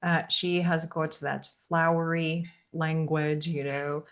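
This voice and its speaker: Lady hosting, slow and lowish voice, picks words carefully. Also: little pitch movement, smooth. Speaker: host, English teacher. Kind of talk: casual interview chat.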